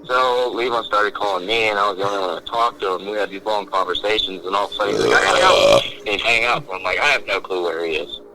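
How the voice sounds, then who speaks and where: A man's voice: fairly low pitch, fast talker, few pauses, very noisy. A man hosting a podcast, telling a long story with lots of animation and quoting his friends in different voices. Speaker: podcast host. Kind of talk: casual storytelling chat.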